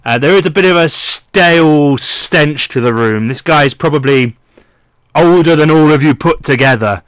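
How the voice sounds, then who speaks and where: A man's voice: on the high side, moderate pace, no room sound. A man narrating a tabletop game as game master in a casual, wry way, over a voice call. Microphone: headset or desk mic on a voice call.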